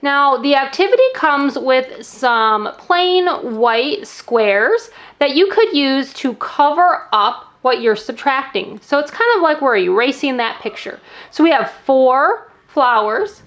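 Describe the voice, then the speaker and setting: High-pitched woman demoing a math activity. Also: a bit bright. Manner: friendly, counts aloud step by step. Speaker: teacher. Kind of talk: instructional demo.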